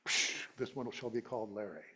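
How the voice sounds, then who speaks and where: A man's voice: medium pitch, moderate pace, darkish tone. A middle-aged male minister giving a conversational, playful sermon and laughing at his own jokes. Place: church sanctuary.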